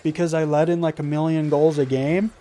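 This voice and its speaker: A man's voice: fairly high pitch, flat delivery, brisk, mellow. A young man giving casual, self-deprecating play-by-play of a hockey video game, rambling as he plays. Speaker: gaming commentator. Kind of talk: casual gameplay commentary.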